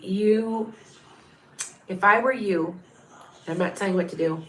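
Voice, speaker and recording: With a slight hiss or hum on the recording, a middle-aged woman speaks a little slowly in a mid-range, somewhat bright voice. Reading for her livestream viewers, she rambles, repeats herself, says their names aloud, and counts under her breath.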